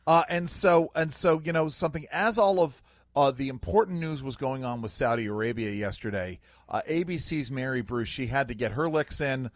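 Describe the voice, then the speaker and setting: Halting man hosting talk radio. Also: mid-range voice, no room sound, clean studio sound. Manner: halting, many fillers and restarts. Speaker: morning radio host. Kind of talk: casual talk radio chat. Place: radio studio.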